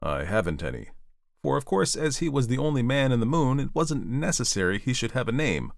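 Expressive male storyteller, dry close sound. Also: mid-range voice, brisk, creaky, no echo. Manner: playful, expressive, with asides. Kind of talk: storybook reading aloud.

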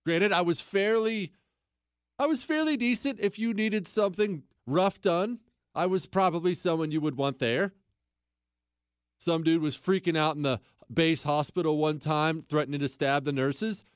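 A man with a slightly high voice spins a comic story in a casual podcast style. He talks in an animated, sardonic way, teasing himself with quick asides. The sound is dry and close to the microphone. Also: smooth, no room sound. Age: adult. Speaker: podcast host telling a story.

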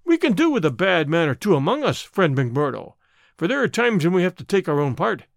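A domineering gang boss fires off hard, probing questions and blusters with menace, voiced by a male audiobook narrator. The voice sits higher than usual and swings widely in pitch, and the sound is dry and close. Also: big pitch swings, brisk, vocal fry, dry recording, exaggerated voice. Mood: blustering. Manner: blustering, interrogating. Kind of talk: audiobook character reading.

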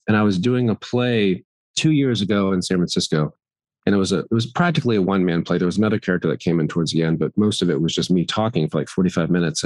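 A middle-aged man talking candidly as an interview guest, earnest and animated, acting out his inner voice at times. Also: lowish voice, dry recording, studio quality. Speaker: guest actor.

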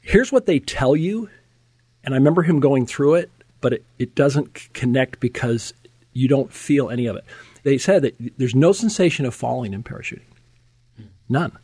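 An older man telling his testimony as an interview guest, in an animated, conversational way, often chuckling and restarting words. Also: medium pitch, normal speed, husky, no echo. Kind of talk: conversational storytelling.

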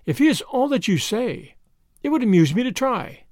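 A man's voice: very high-pitched, normal speed, no room sound, studio quality, pitched above the performer's own voice, heavily acted. A man voicing a cool, scornful society woman. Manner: calm, mocking, coolly superior.

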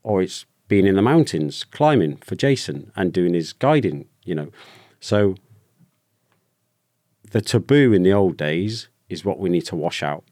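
A British man, a former soldier, telling a personal story openly in a podcast conversation, with halting restarts. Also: low voice, expressive, mellow, dry recording, clean studio sound. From Britain. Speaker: guest, ex-soldier.

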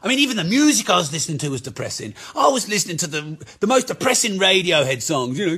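Man, slightly high and husky voice, blunt and candid motivational speaker. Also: sing-song, quick pace, hardly any pauses, pushed and bright. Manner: frank, swears freely. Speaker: property business speaker.

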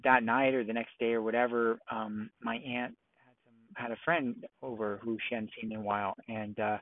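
A man's voice: medium pitch, little pitch movement, normal speed, no room sound. A man hosting a podcast, telling a rambling personal story with many fillers while driving in a car. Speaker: podcast host. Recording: tinny phone-like audio.

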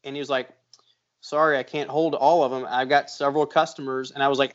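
A man's voice: mid-range voice, level tone, fairly quick. A man co-hosting a podcast, telling rambling stories in casual chat and swearing freely. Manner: profane, rambling storyteller. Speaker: podcast co-host, knifemaker. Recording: dull lo-fi sound.

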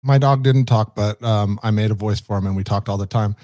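A man's voice: on the low side, a little fast, dark tone, no echo. Teasing man in a casual chat. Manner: playful teasing, stammering restarts. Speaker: podcast co-host.

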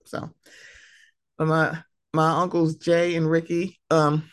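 A woman in her thirties hosting a podcast, chatting casually and playfully with quick asides and acted-out quotes. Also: sits low, monotone, dry recording. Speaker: podcast host. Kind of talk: casual chat.

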